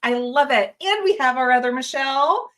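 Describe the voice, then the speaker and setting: A woman with a somewhat high voice hosts a live craft stream in an upbeat, chatty way. She reads viewer comments aloud and greets each one by name in a casual tone. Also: lively intonation, normal speed, fairly bright tone. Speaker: host of a live jewelry-making stream. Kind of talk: casual livestream chat with viewers.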